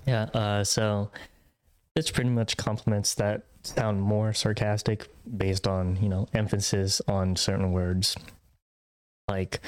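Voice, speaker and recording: Podcast co-host, male, lowish voice, laid-back explainer, leans on filler phrases. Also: slow, clear, resonant tone, no echo. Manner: relaxed, explains with many fillers and repeats "pretty much". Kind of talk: casual chat.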